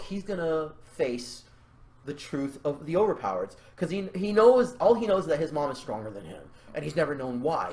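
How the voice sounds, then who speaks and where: Excitable rambling young man, podcast host. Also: a little high. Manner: excitable, rambling, laughs and restarts often. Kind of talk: casual creative brainstorming chat.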